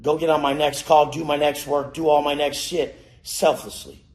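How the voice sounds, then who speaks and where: A man giving a profane, aggressive motivational rant, cursing and yelling at his listeners. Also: fairly high pitch, flat delivery, moderate pace. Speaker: motivational speaker. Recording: roomy echo.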